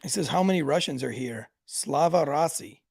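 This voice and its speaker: A man's voice: a little high, animated, normal speed, creaky, a little mellow, slightly rough, no echo, studio quality. A man co-hosting a podcast, joking around with crude, profane banter. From Irish family roots. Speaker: podcast co-host.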